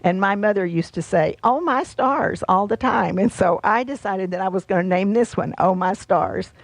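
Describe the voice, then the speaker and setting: A woman's voice: medium pitch, normal speed, vocal fry, no room sound. A middle-aged woman presenting her quilt patterns and fabrics in a chatty, homey way, with fillers and friendly asides. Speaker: quilt designer and shop host. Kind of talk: casual product walkthrough.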